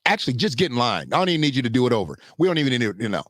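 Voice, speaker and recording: A man hosting a casual solo commentary show, talking loosely and jumping into high mocking voices when he quotes others. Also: big pitch swings, rapid-fire, a bit bright, no room sound, studio quality.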